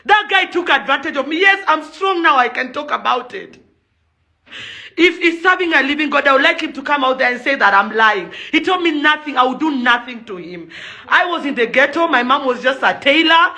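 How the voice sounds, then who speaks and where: A woman's voice: high voice, expressive, brisk, pushed and bright. A young Kenyan woman delivering an angry, impassioned rant to camera, accusing and pleading by turns, slipping Swahili phrases into her English. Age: young adult. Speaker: events promoter and celebrity.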